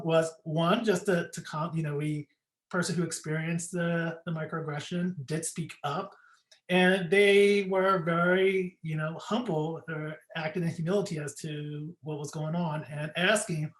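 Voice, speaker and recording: Physician, mid pitch, measured and halting recap over a video call, roomy echo. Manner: measured, hesitant, many "um" fillers. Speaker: physician presenting a group recap. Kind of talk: casual workshop presentation.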